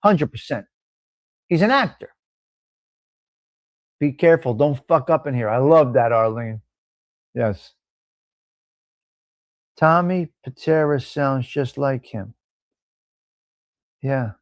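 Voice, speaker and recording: A man's voice: medium pitch, lively intonation, takes it slowly, pauses often, dry recording. A man from North Jersey with a North Jersey accent, hosting a live stream in a blunt, profane, casual way. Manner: blunt and profane, reading out viewer names. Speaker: host of a live stream show.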